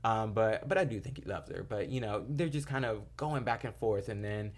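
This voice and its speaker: A man's voice: fairly low pitch, normal speed. A young man casually recapping a TV episode, rambling with lots of fillers and acting out quoted lines. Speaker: TV episode reviewer.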